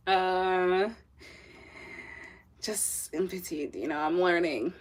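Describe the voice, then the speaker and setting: Speaking slowly and expressively with frequent pauses, a young southern African woman with a fairly low voice runs a relaxed live stream. She reads viewer messages, laughs a lot, and mixes in bits of French.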